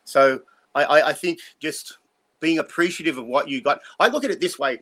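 A man's voice: fairly high pitch, normal speed, a bit bright. A blunt man in his fifties, rambling and swearing as he talks through life lessons in an interview. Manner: blunt, rambling, profane motivational talk. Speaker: guest. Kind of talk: casual interview talk.

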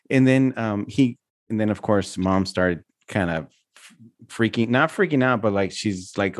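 Lively man telling a family story. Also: measured pace, no room sound, clean studio sound. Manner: storytelling, acting out family members in high squeaky voices. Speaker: podcast co-host. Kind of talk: casual chat.

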